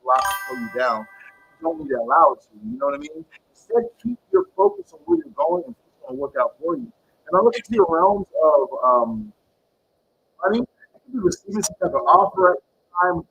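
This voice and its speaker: A man's voice: a little high, creaky, a bit bright, husky, highs cut off. A man giving live-streamed tarot readings in a slangy, encouraging way, greeting viewers and calling them baby. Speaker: tarot reader.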